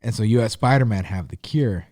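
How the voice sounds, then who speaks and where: Male co-host, low mellow voice, dry close sound, earnest detailed storyteller. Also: brisk, dry recording. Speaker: podcast co-host. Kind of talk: casual chat.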